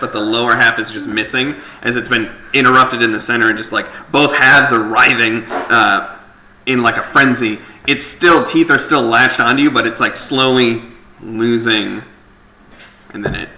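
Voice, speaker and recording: Man, game master, bright voice, loose filler-heavy narration, echoey room with faint noise. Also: mid-range voice.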